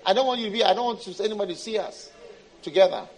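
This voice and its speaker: A man's voice: sits high, racing, close to an everyday voice. A man voicing a cold husband who curtly refuses every request with scornful laughing refusals. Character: cold husband dismissing an unloved wife.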